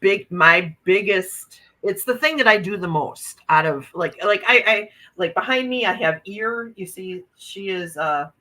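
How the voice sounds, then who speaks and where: A woman's voice: mid-range voice, animated, a little slow, hardly any pauses, pushed and bright. A woman with an Upper Midwest American accent, a guest chatting casually and restarting often on a video call. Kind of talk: casual chat.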